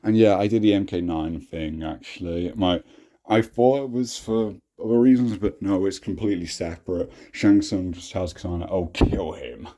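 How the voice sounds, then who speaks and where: A man's voice: sits low, moderate pace, warm tone. A young adult man hosting a casual talk, cringing at his own old writing, swearing often and laughing at himself. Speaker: host.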